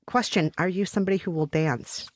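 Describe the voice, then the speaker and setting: A woman's voice: lowish voice, brisk, no echo, studio quality. A woman co-hosting a podcast, chatting eagerly and laughing often. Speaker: podcast co-host. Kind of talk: casual chat.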